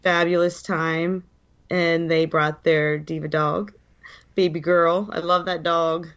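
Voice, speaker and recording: A woman's voice: on the low side, flat delivery, slow, fairly bright tone. Chatty woman with a cold. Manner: chatty, laughs often. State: has a cold. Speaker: regular co-host. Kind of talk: casual radio chat. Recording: dull lo-fi sound.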